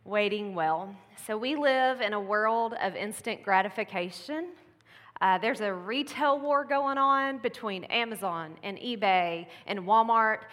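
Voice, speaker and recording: Woman preaching casually, bright voice, long church reverb, chatty. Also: fairly high pitch, unhurried. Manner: chatty, warm-hearted, laughing asides. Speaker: pastor's wife giving a Mother's Day message. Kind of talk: casual sermon. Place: church sanctuary.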